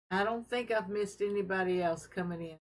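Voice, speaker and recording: A woman hosting a casual fish-keeping live stream from her home fish room, talking in an unhurried, friendly way with fillers as she carries her camera from tank to tank. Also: mid-range voice, low-quality recording. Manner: unhurried, friendly, talks while showing tanks, with fillers. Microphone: handheld camera she carries around.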